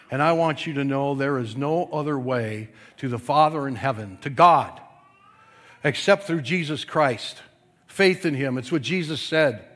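A pastor preaching a sermon, swinging from quiet, low passages to forceful yelling. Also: male voice.

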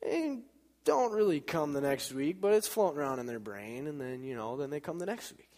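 A man's voice: a little high, big pitch swings, a little fast, darkish tone, in a large hall. A man giving an informal church talk, casual and chatty, telling stories and acting out the dialogue. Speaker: church speaker. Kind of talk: informal sermon with storytelling.

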